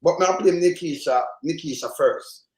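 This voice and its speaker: A man's voice: on the high side, brisk, darkish tone. A Jamaican man hosting a casual political commentary show, rambling and emphatic in heavy patois. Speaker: host. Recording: echoey room.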